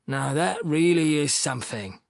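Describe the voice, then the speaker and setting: A man's voice: mid-range voice, animated, moderate pace, vocal fry, a bit bright, no room sound. A man voicing a deferential male porter, polite and apologetic yet emphatic.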